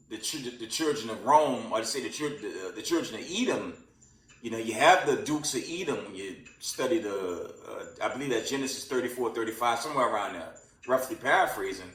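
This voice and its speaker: A man's voice: lowish voice, lively intonation, normal speed, a bit bright, distant mic. A tired man hosting casual news commentary with prophecy talk, rambling with many fillers and restarts. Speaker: host of a news commentary channel. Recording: roomy sound, away from the mic.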